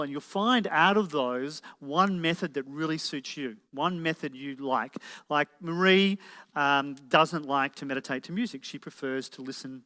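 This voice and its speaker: His voice runs on the high side and sounds pushed and bright. A motivational speaker presenting live in an event hall, he fires rhetorical questions at the audience, and the recording echoes with hall reverberation.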